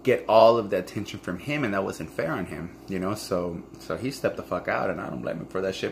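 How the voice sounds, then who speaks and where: Deep-voiced man in a raw confessional. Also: quick pace, vocal fry, slight background noise. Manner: raw, profane, emotional storytelling. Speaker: vlogger. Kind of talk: candid confessional monologue.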